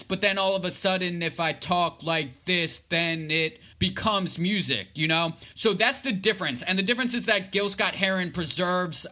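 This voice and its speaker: A man's voice: fairly high pitch, sharp tone. A man, an author, explaining ideas in an interview, talking through examples with many fillers. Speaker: author and guest.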